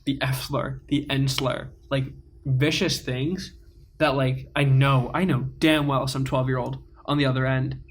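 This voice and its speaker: A man's voice: mid-range voice, level tone, measured pace. A teenage man co-hosting a podcast, telling a story in a rambling way with many fillers. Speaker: podcast co-host. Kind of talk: casual storytelling chat.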